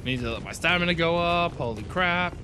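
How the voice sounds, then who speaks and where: A man giving casual gameplay commentary, excitable and chatty, talking to himself and his viewers as he plays. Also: fairly high pitch, fairly quick, background noise. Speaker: let's play host.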